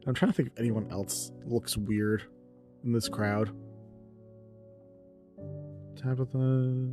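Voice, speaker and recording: A man running a tabletop game who speaks slowly and hesitantly. He fills his pauses with ums and uhs as he works out the answer. Faint music runs behind him. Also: medium pitch, fairly even intonation. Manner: hesitant, pausing with fillers. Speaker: game master.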